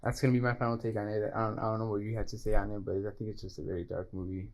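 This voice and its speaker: A woman co-host on a casual film podcast with an unusually deep, dark, mellow voice. She speaks plainly and in a relaxed way, and she readily agrees with her partner. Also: rapid-fire. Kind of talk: casual chat.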